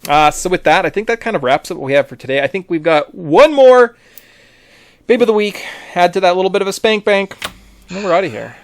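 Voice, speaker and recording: Canadian guy cohosting a podcast, kinda high voice, dry close sound, jokey and loose. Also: expressive, a little fast, no echo. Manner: joking, loose, laughs easily. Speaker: podcast co-host. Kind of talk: casual chat.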